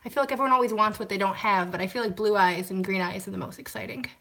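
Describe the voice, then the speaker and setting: A woman chats casually on a live stream from home, greeting viewers by name and answering their comments. Her voice is bright and a little sharp. She keeps talking as she washes glasses by hand. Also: mid-range voice, rapid-fire, creaky. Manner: talks while washing glasses by hand. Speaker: vlogger hosting a live stream.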